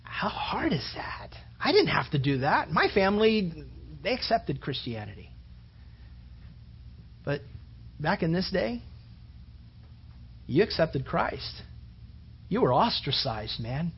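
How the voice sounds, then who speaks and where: A man's voice: a little high, big pitch swings, takes it slowly, long pauses, breathy edge. A man preaching a conversational sermon, rambling casually and peppering his talk with "you know" and "man". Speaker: pastor. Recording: dull lo-fi recording.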